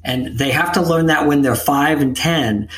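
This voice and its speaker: A man interviewing an author, speaking in a measured, reflective way about leadership and parenting. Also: fairly high pitch. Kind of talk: conversational interview.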